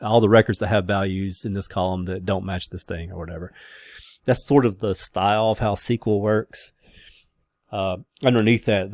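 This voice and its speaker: A man's voice: low-pitched, a little mellow, no echo, clean studio sound. A man lecturing a class in a casual, rambling way, with many fillers and restarts.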